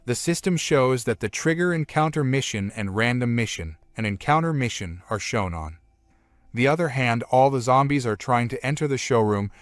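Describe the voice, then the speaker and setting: A man narrating a comic story recap, retelling events one after another with "and then" in a plain, steady way. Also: medium pitch, normal speed, dry recording.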